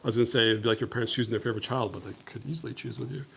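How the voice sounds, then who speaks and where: Fast-talking upbeat young man. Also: mid-range voice, steady tone, creaky, fairly bright tone, slight background noise. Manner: chatty, upbeat, many "like" fillers, friendly with kids. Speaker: travel presenter speaking to a school class. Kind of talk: casual talk and Q&A with children. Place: classroom.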